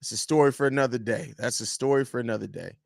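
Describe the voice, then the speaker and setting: A man's voice: medium pitch, quick pace, creaky, no room sound, studio quality. A man hosting a casual live-stream sports podcast from home, talking loosely on a desk microphone, repeating phrases and reading chat questions aloud. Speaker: podcast host.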